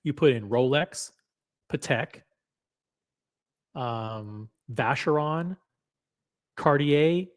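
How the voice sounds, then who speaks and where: A man's voice: medium pitch, drawn-out words, pauses often. A man hosting a live stream who reacts casually, jokes, swears and reads chat comments aloud. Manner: loose, joking, profane, reads chat aloud.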